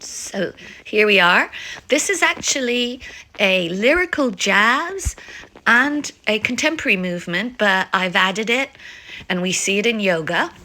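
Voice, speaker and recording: A woman's voice: medium pitch, lively intonation, measured pace, bright, forceful tone. An older woman giving a casual Pilates and kettlebell lesson at home, chatting, laughing often and switching between French and English. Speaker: Pilates and ballet instructor. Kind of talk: casual exercise instruction. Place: home, France.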